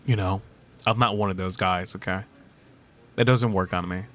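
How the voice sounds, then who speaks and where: A man's voice: sits low, steady tone, moderate pace, fairly bright tone. A man in his thirties streaming casually, reading chat aloud, playful and teasing, laughing often.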